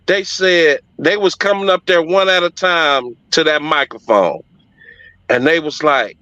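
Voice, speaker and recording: Emphatic, bright-voiced man telling stories. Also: fairly high pitch, a little slow, dry recording, muffled recording. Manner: emphatic, profane, heartfelt. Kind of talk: personal storytelling.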